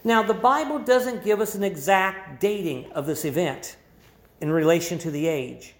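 A pastor preaching a sermon, with an emphatic, deliberate teaching delivery. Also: medium pitch, reverberant.

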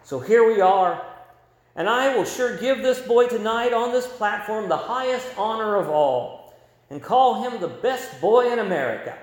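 A man voicing a portly, kindly older male preacher who speaks gently and reassuringly. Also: sits high, animated, a little slow. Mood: proud. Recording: roomy echo.

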